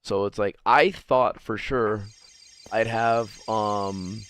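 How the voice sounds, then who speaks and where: A man's voice: fairly low pitch, fairly even intonation, slow pace, fairly bright tone, clean tone. A man streaming live, chatting casually in a rambling, profane way and laughing often as he answers chat. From Guam.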